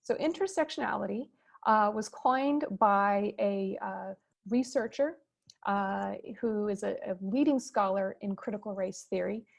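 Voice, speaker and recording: A woman with a gravelly, creaky edge to her mid-pitched voice moderates a fireside chat. She explains ideas in a measured, teacherly way, heard over a video call.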